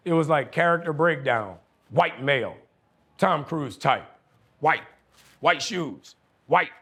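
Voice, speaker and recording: Animated New man, fairly high voice. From New Orleans, USA. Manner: animated, profane storytelling with frequent laughter. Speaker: guest actor. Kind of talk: casual podcast interview. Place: podcast studio.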